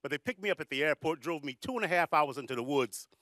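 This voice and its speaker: A man's voice: on the high side, fast talker, dry recording. A man performing a stand-up comedy routine, telling stories with jokey asides. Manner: animated storytelling with jokey asides. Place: comedy stage with live audience. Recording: live comedy club audio with laughter.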